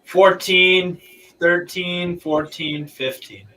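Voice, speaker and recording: Bright-voiced man calling a match live. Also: high voice, extremely slow, low-quality recording. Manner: excitable, chatty play-by-play mixed with banter. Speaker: streamer giving live match commentary. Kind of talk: casual live watch-along commentary.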